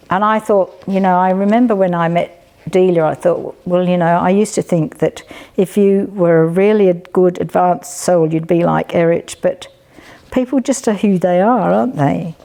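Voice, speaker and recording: Older woman, gravelly and low. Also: warm tone. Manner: rambling, chatty, with frequent fillers. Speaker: storyteller. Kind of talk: casual spoken reminiscence.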